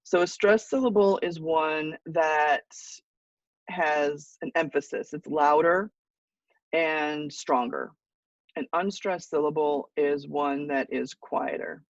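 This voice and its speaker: A woman's voice: low-pitched, fairly even intonation, no room sound. Woman lecturing on poetry in a dry, dull recording. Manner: explanatory, patient, thinks aloud with pauses; clears throat now and then. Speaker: college English instructor. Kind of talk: class lecture.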